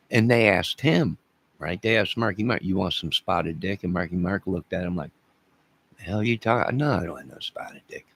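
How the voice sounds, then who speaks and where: A man's voice: low voice, creaky, a bit bright, slightly rough. A man from the American South hosting a casual live stream, rambling jokily and talking to his chat viewers by name.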